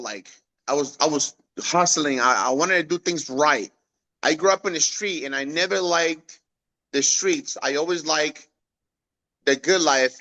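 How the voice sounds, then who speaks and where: Bright-voiced man telling his story. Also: poor audio. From Guatemala. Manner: animated, acts out quoted voices with raised pitch. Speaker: guest. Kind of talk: storytelling in an interview.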